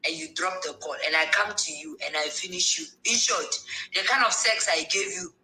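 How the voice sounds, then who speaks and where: A woman's voice: on the low side, normal speed, sharp tone, a little hiss or hum, rough recording. A woman with a Nigerian accent in a frank casual discussion, telling a story animatedly and acting out both sides of the dialogue. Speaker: co-host.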